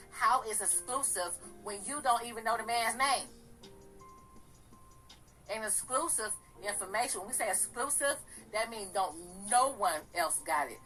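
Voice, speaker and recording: A woman with a slightly raspy, deep voice, hosting a gossip channel and ranting bluntly with profanity. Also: sharp tone, poor audio. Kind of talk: casual commentary.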